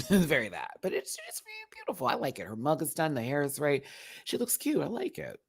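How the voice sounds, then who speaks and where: A man hosting a live review stream in a campy, expressive, chatty manner, laughing often. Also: a little high, a little fast, creaky, slight background noise. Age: adult, remembers childhood. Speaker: host reviewing a TV competition. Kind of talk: live-stream commentary chat.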